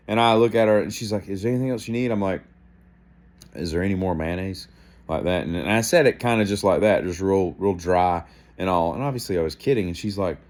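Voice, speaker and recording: A man, hosting a daily show, telling a rambling, self-deprecating story with dry asides. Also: fairly low pitch. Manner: animated, self-deprecating, acts out gestures and inner thoughts.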